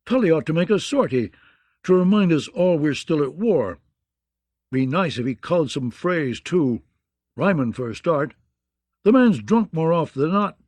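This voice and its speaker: A man voicing a gruff, bawdy, blustering male knight in an audiobook, with a mocking, growling manner. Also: a little high, expressive, moderate pace, darkish tone, no room sound, voice pushed up. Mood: grumbling. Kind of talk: audiobook character voice.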